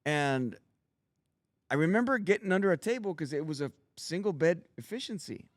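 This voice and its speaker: A man, telling animated stories and acting out the people in them as a guest. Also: a little high, normal speed, no echo, studio quality. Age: 50s. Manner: animated storyteller acting out voices. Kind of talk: casual storytelling.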